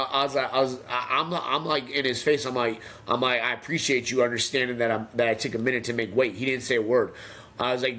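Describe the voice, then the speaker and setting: A young man, a professional fighter, telling stories from his career in a casual interview, swearing freely and acting out what others said. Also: medium pitch. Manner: animated, profane, acts out quoted voices. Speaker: pro MMA fighter, interview guest. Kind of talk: casual storytelling.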